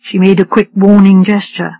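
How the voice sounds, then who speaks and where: A woman audiobook narrator reading a story in a measured, even way. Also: mid-range voice, muffled recording. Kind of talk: scripted narration.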